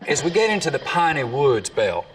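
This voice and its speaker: A man's voice: a little high, sing-song, a little fast, recorded from a distance, over music. A man, a dialect coach, explaining accents in scripted narration and demonstrating sounds.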